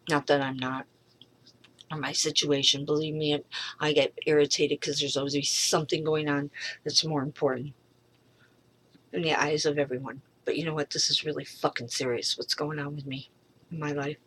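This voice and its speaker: A middle-aged woman in a rambling personal monologue, frustrated, halting, swearing freely and trailing off. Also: low voice, flat delivery, fairly bright tone, husky. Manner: halting, with many pauses and fillers. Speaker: vlogger.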